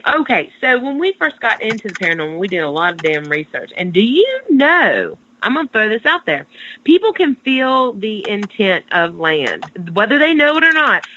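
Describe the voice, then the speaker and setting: A woman, a psychic co-hosting a casual podcast, telling stories in an animated way and swearing freely. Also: on the high side. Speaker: psychic co-host. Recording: dull lo-fi sound.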